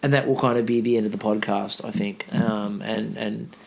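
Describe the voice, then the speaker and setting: A man's voice: fairly low pitch, fairly even intonation, normal speed, vocal fry, a little mellow, a little hiss or hum. A male history teacher co-hosting a casual podcast, sarcastic and joking, rambling with restarts.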